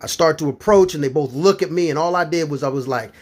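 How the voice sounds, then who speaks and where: A man's voice: fairly high pitch, fast talker, few pauses. A young man from Florida telling profane, incredulous stand-up comedy stories about his own life. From Florida, USA. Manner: profane, animated, incredulous storytelling.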